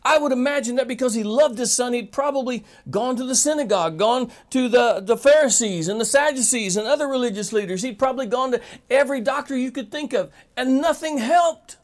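A man's voice: very high-pitched, brisk, few pauses. A man preaching a sermon, talking straight to his listeners with emphatic rhetorical questions.

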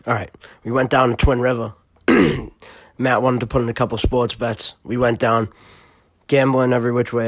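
Young male podcast host, Boston accent, mid-pitched, rambling and crude, dry close recording. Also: dry recording. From Massachusetts. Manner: rambling, profane, full of fillers. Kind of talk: casual solo podcast chat.

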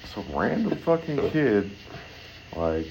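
A man's voice: big pitch swings, slow, gravelly, darkish tone, slight background noise, poor audio. A man telling a long, rambling story in casual, profane chat. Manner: rambling, heavy swearing, acts out voices in high pitch.

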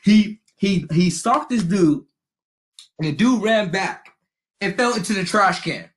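A young adult co-host telling a long high school story in casual slang, acting out what people said. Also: unhurried. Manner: animated storyteller, heavy slang, acts out quotes.

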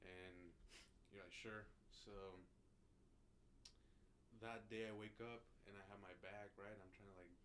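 A man's voice: lowish voice, fairly even intonation, measured pace, long pauses, a bit bright, a little hiss or hum. A young man in casual chat with a friend, telling a rambling, profane story full of fillers.

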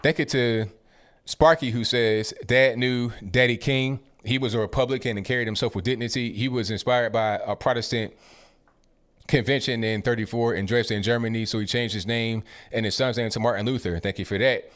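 A man hosting a live stream, reading viewer messages aloud and answering each one with quick casual asides. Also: medium pitch, steady tone, fairly bright tone. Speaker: political commentary host reading viewer messages.

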